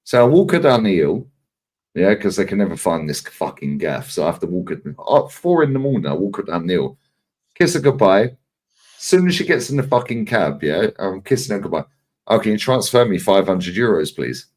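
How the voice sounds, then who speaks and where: A deep-voiced man in his 40s talks briskly as a regular guest on a fan livestream. He tells stories in a casual chat, swearing freely and animatedly acting out what other people said.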